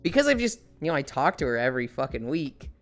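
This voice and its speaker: A woman's voice: a bass voice, expressive, fast, faint music behind. A young woman streamer with a nasal voice, sick, chatting with viewers in a sarcastic and profane way. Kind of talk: casual live-stream chat.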